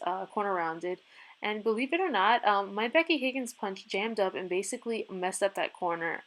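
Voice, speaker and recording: Woman, craft vlogger, casual voice-over, chatty, upbeat, easy little laughs, mid-pitched voice.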